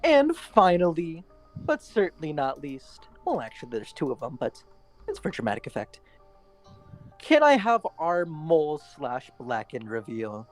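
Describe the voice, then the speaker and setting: A woman's voice: low-pitched, very animated, unhurried, soft background music. A woman running a social deduction game as game master, announcing votes and reveals with a showy, playful delivery. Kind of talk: theatrical game hosting.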